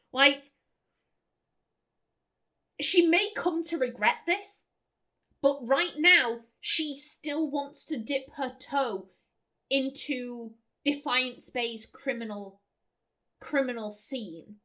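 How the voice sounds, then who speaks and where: A young woman hosts a game playthrough, musing aloud and reading out the choices she is weighing. Her voice sits high and bright. She talks in a loose, chatty way. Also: very slow, pauses often. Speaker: let's play host. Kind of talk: gameplay commentary.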